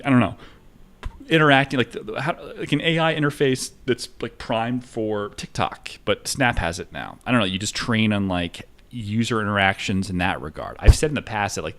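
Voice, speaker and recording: A man's voice: on the low side, a bit bright. A man chatting casually on a live stream while trading, rambling and profane, with lots of filler words. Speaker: livestreamer trading stocks.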